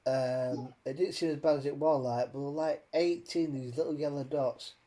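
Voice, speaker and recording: A man's voice: fairly high pitch, fairly even intonation, moderate pace, warm tone. A man hosting a casual chat, rambling and swearing as he rants with many fillers. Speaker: host.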